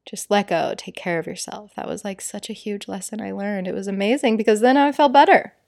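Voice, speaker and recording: A woman's voice: medium pitch, a little fast, gravelly, darkish tone, no echo, studio quality. Chatty woman telling a personal story. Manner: chatty, lots of "like" fillers, acts out quoted voices. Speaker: yoga teacher and podcast host.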